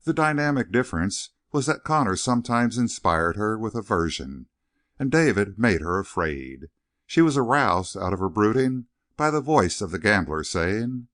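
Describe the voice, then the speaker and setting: A man narrates a western novel with expressive storytelling, his low voice rising and falling in lively swings. He is recorded close on the mic, and the sound is dry with no room echo. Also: moderate pace. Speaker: audiobook narrator.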